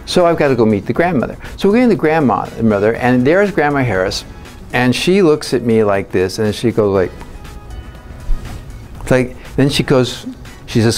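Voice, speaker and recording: A man tells his stories in a loose, rambling way and fills his pauses with plenty of fillers. His voice sits at a middling pitch for a man. A faint bed of music plays quietly behind him. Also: animated. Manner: rambling, anecdotal, many fillers. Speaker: party psychic. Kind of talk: storytelling interview answers.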